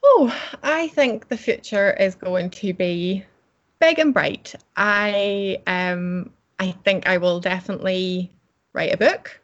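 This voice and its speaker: A woman's voice: medium pitch, slow pace. Chatty cheerful woman guest. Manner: cheerful, chatty, laughs often. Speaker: interview guest, coach. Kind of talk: casual interview chat. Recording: slightly dull audio.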